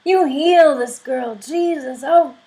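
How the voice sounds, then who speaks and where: Give me a high, loud older woman praying fervently, as a woman puts her on. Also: takes it slowly. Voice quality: fervent, pleading.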